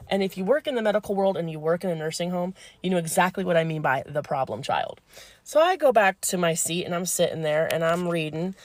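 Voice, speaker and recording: A woman who works as a home health aide telling a comic story, animated, blunt and salty. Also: on the low side, fairly quick, no room sound.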